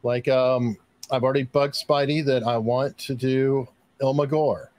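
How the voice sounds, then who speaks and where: A man's voice: medium pitch, fairly even intonation, measured pace, a little mellow, no echo. A man hosting a casual livestream discussion, reading viewer messages with many fillers and restarts. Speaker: livestream host reading super chats.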